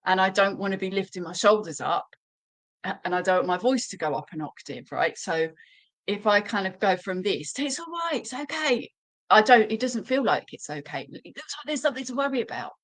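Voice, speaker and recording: A woman's voice: mid-range voice, fairly bright tone, poor audio. A woman dog trainer hosting a live question-and-answer stream, giving casual advice with many fillers and restarts.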